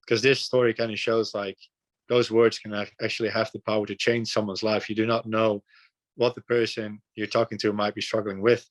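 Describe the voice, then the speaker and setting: Young man from the Netherlands, low voice, relaxed podcast guest with lots of fillers. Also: brisk. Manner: earnest, relaxed, frequent fillers and repeats. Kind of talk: casual storytelling.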